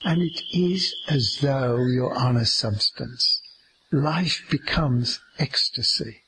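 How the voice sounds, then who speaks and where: A man giving a slow, meditative teaching talk about staying aware in each moment, drawing out his words gently. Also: medium pitch, husky, poor audio.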